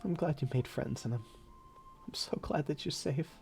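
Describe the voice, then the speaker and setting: Someone voicing a tender, halting reunited woman. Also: medium pitch, darkish tone, soft background music, natural voice. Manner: halting, stumbling over words.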